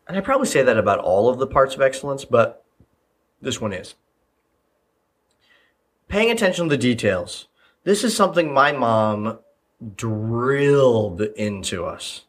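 A man's voice: medium pitch, fairly bright tone. Casual storytelling podcast host, man. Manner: storytelling, repeats phrases, frequent fillers. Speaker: podcast host, leadership coach. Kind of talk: casual solo podcast talk.

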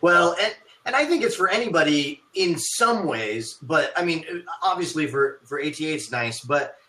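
A man's voice: a little high, lively intonation, normal speed, bright, forceful tone. A man who runs martial arts schools, hosting a casual podcast chat and thinking aloud with many restarts. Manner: thoughtful, rambling, with many restarts. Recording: roomy echo.

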